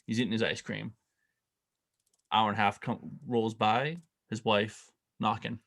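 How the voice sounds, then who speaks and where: A man co-hosting a casual podcast, telling a story and acting out the people in it with lively quoted voices. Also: lowish voice, a little slow, creaky, long pauses. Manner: animated, acts out quoted voices. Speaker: podcast co-host.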